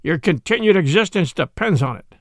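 A man reading aloud, voicing a big, scowling male author who talks in a gruff, threatening way. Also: high voice, lively intonation, a little fast, dry recording, studio quality. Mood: menacing.

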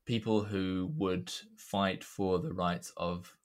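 Deep-voiced New Zealand man, chatty. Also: little pitch movement, takes it slowly. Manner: dry, laughing, rambling storyteller. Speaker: podcast guest. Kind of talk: casual chat.

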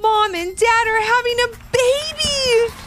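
A woman voicing an excited little girl in a storybook, talking in breathless, squealing bursts. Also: very high-pitched, unhurried, loud music behind the voice, voice pushed up. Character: excited little girl wanting to be big sister.

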